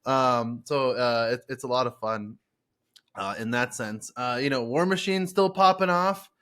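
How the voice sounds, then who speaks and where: A young man co-hosting a casual gaming podcast, energetic and loose, swearing freely and full of fillers. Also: medium pitch, a little slow, clean tone. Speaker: podcast co-host.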